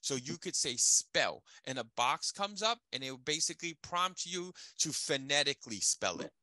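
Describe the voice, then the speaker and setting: A man's voice: fairly high pitch, fairly quick, dry recording. A man leading a casual tech training session, emphatic and checking in with listeners. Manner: animated, emphatic, checks in with "okay?". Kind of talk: casual teaching chat.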